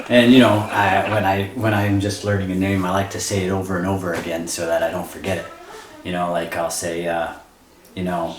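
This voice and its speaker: A man doing amateur stand-up comedy, rambling and halting, often laughing at his own jokes. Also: sits low, flat delivery, echoey room, slight background noise.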